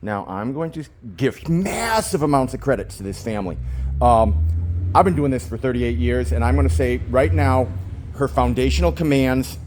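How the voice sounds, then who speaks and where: A man's voice: mid-range voice, lively intonation, normal speed, a little mellow, slight background noise. Enthusiastic dog trainer man filming. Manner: enthusiastic, gushing praise, baby talk to the dog; crisp short commands to the dog. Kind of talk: narrating a dog training session. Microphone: phone held in hand.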